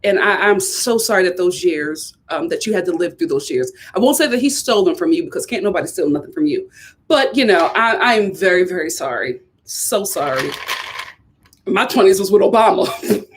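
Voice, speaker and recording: A woman from Philadelphia hosting a casual live stream, chatty and animated, repeating herself and laughing often. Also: on the low side, a little fast, slight background noise.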